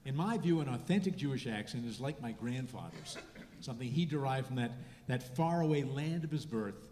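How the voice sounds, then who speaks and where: Man, seventies, stand-up comic, deadpan, halting restarts, echoey hall. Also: mid-range voice. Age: 70s. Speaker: stand-up comedian and rabbi. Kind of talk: stand-up comedy set. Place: hall before a live audience. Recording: echoey hall, faint noise.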